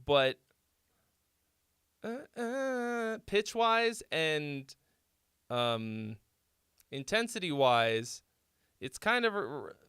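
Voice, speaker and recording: A man's voice: on the high side, very animated, drawn-out words, long pauses, a bit bright, clean tone, dry recording, clean studio sound. A man casually critiquing a listener's song as host, rambling with lots of fillers and the odd swear. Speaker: host reviewing viewer songs.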